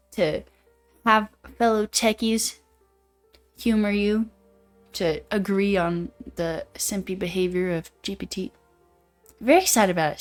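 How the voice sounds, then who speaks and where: A woman's voice: medium pitch, darkish tone. A young woman hosting a livestream, chatting casually and reading viewer comments aloud in a laid-back, playful way. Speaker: livestream host.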